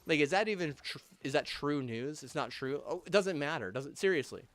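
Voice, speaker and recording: A young man with a fairly high voice rants angrily into the camera. He swears in nearly every sentence, circles back over half-finished thoughts and piles on fillers. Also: expressive, fairly bright tone, dry recording. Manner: angry, heavy swearing, halting restarts and fillers. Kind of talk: profane rambling rant.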